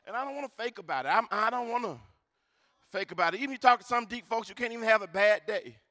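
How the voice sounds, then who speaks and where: High, bright-voiced preaching man. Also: lively intonation, fast talker, dry recording. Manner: impassioned preaching with frequent shouted lines; calls on the congregation for responses. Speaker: pastor. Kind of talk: sermon.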